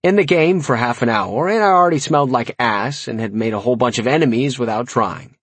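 A man's voice: medium pitch, expressive, brisk, fairly bright tone, breathy edge, dry recording. A man narrating a first-person fantasy audiobook in a wry, conversational way.

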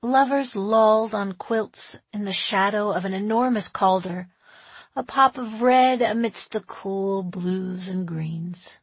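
Woman, audiobook narrator, breathy voice, wry expressive reading, dry close sound. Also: medium pitch, slow pace, no room sound. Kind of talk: first-person novel narration.

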